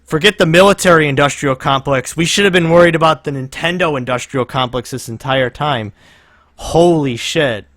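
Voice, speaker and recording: A man's voice: a little high, normal speed, fairly bright tone. A man doing reaction commentary, profane and rambling, laughing and restarting often as he mocks what he watches.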